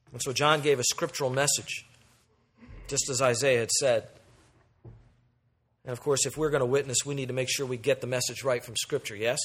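A man preaching a sermon as pastor, with emphatic delivery that moves between loud and soft. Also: medium pitch.

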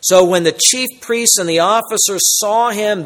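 Emphatic preacher in a reverberant hall. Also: male voice, sits high, normal speed. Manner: emphatic, swings between loud exclamation and quiet solemn asides. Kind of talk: expository sermon.

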